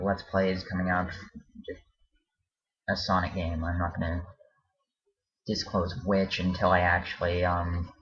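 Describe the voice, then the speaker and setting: A man with a low, husky voice rambles through a casual home vlog. He hesitates often, with ums and restarts. The recording sounds dull and lo-fi. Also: fairly bright tone. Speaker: vlogger.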